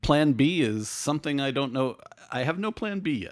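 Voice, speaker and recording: A man's voice: medium pitch, animated, moderate pace, no echo. Man, tabletop player, casual, rambling, lots of you know and like, dry sound.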